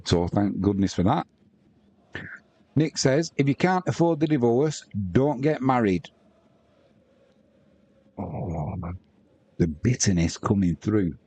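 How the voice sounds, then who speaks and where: Bloke hosting a live watch-along from home, warm relaxed voice, chatting and reading out comments. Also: male voice, lowish voice, slow, long pauses, husky. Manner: chatty and bantering, reads viewer comments aloud. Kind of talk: casual live-stream commentary and chat reading.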